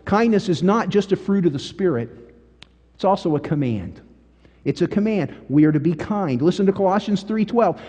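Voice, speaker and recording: A man preaching a sermon as pastor, telling stories emphatically, swinging from quiet to loud. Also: high voice, moderate pace. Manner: emphatic, animated storytelling with big swings in volume. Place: church sanctuary. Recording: long church-hall reverb.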